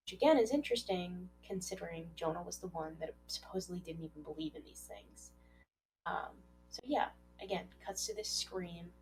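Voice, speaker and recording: Lower-voiced woman recapping a horror series. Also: moderate pace, faint music behind, poor audio. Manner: animated, acts out quoted lines. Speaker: podcast co-host. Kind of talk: casual recap discussion.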